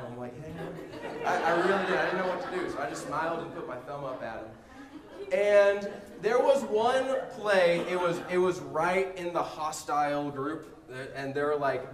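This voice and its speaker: A man giving a sermon built around a personal story, told in a humorous, animated way. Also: on the high side. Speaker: preacher. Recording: roomy echo.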